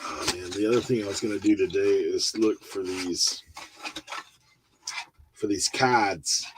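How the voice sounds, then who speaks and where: A man's voice: sits low, measured pace, a little hiss or hum, poor audio. A man co-hosting a casual chat, telling stories with lots of laughter. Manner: storytelling, animated, laughing. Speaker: podcast co-host.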